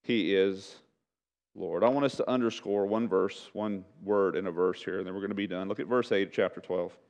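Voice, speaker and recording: A man preaching a sermon to a congregation, swinging from loud emphatic lines to hushed pleading and asking them rhetorical questions. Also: deep voice, fairly even intonation, a little fast. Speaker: pastor.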